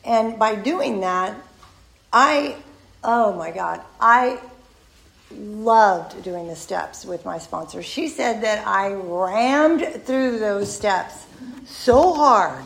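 Gravelly-voiced woman in her sixties. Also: mid-range voice, lively intonation, very slow, fairly bright tone, poor audio. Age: 60s. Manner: candid, self-deprecating storytelling. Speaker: member sharing at a recovery meeting. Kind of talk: personal testimony.

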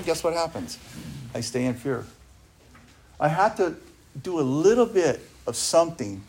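A man giving an earnest recovery talk, speaking emphatically and often asking his listeners rhetorical questions. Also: fairly high pitch.

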